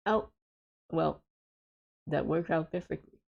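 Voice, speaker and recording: Woman, gaming streamer, casual chatter, giggly, hesitant, unhurried delivery, gravelly fry. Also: lowish voice, darkish tone. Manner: giggly, hesitant, many fillers and laughs. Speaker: streamer playing a co-op game with friends.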